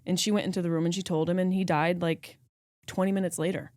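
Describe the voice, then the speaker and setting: Lower-voiced woman host, dry close sound. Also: little pitch movement, fast talker, darkish tone, dry recording. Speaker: podcast host, comedian. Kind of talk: casual interview chat.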